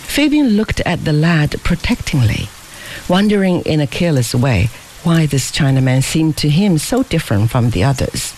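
An audiobook narrator giving a measured, unhurried scripted reading. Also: mid-range voice, lively intonation, a little mellow, a little hiss or hum.

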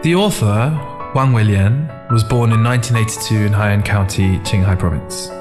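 A man narrating a first-person short story in a calm, measured, reflective reading. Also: lowish voice, music in the background. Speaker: audiobook narrator. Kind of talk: scripted narration.

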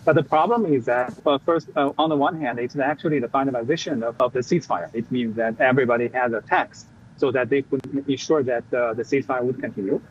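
A male Middle East expert giving interview comments, halting, with many fillers and restarts. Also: medium pitch. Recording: dull lo-fi remote audio, faint noise.

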